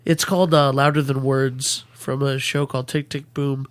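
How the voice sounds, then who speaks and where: A man's voice: medium pitch, level tone, normal speed, no echo. A man co-hosting a casual podcast, teasing and playful with the host.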